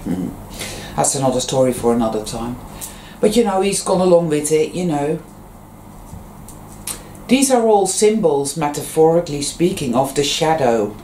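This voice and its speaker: A vlogger talking in a casual, rambling monologue, full of fillers and restarts, and telling stories with sudden jumps in pitch. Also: sing-song, moderate pace, pauses often, warm tone, a little hiss or hum. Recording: roomy echo.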